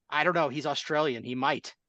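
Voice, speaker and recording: A man's voice: fairly high pitch, pushed and bright, dry recording, muffled recording. A man hosting a sports podcast in casual chat, joking and chuckling. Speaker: podcast host.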